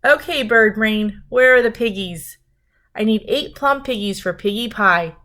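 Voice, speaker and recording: A woman voicing a cranky, greedy storybook witch who shrieks and cackles her demands in a raised, higher voice. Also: unhurried, sharp tone. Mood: demanding. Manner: shrill screeching and cackling.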